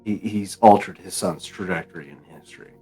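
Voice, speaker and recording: Guy explaining his character, low-ish voice, kinda halting, soft music in back. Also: rough recording. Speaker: player. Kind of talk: tabletop role-play narration.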